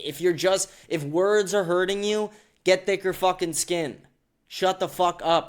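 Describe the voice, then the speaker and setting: A man hosting a political podcast, ranting angrily with heavy profanity and repeated outbursts. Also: on the high side. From United States. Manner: profane, repetitive, shouting bursts. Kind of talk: angry ranting commentary.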